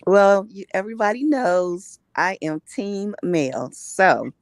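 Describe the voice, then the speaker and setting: A woman's voice: mid-range voice, very animated, slow, dry recording, clean studio sound. A woman co-hosting a casual recap chat, blunt and opinionated. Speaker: co-host.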